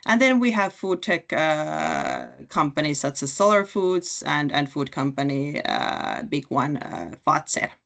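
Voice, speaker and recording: A woman with a low voice presents her city in an online session. She talks in a halting way, with many fillers and restarts. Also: wildly swooping pitch, vocal fry. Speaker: city representative pitching at a webinar. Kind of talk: presentation pitch.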